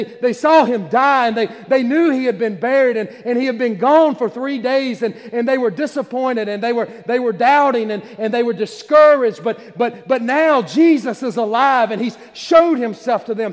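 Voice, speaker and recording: A man preaches with fervent, repetitive insistence, often stumbling and restarting his phrases. His voice sits high for a man. It rings with a long reverb from a small church. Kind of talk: livestreamed Easter sermon.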